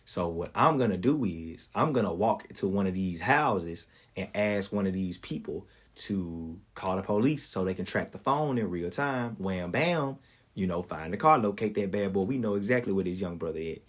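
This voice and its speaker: Earnest man telling a story, low voice. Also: expressive, normal speed. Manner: earnest, preacherly, addresses listeners as y'all. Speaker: podcast host. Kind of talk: storytelling monologue.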